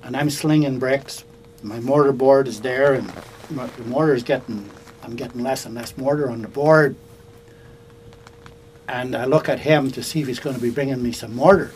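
An older Canadian storyteller speaking at a middle pitch in a relaxed, chatty way, pausing and restarting as he goes. He sounds like he is talking to a small group indoors, with a faint hiss under his voice. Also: low-quality recording. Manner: conversational, folksy, with fillers and restarts. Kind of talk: oral storytelling to a small audience. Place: indoors in a bookstore.

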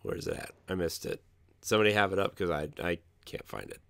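A hoarse man co-hosting a gaming podcast, joking and self-deprecating. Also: sits low, big pitch swings, quick pace, fairly bright tone, no room sound. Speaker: podcast co-host. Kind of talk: casual chat.

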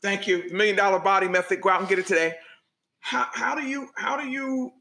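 A man's voice: sits high, brisk, creaky, bright, forceful tone. A man hosting a podcast interview, encouraging his guest and repeating phrases for emphasis. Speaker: podcast host.

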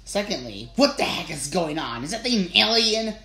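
A narrator doing a brisk, level-headed wife. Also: mid-range voice, expressive, natural voice. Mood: incredulous. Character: calm practical wife, a vet. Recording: roomy with faint ambience.

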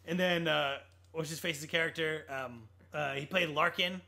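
A man's voice: on the high side, normal speed, creaky. A man co-hosting a podcast, casually reviewing a film with sarcastic asides, swearing and quoting lines. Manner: animated, sarcastic, quotes movie lines; swears casually, lots of restarts. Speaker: podcast co-host.

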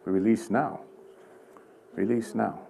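Evangelist man, low-pitched, folksy storyteller leading prayer in a church. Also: measured pace, vocal fry, mellow, a little hiss or hum. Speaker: guest healing evangelist. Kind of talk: preaching at a healing service. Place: church sanctuary.

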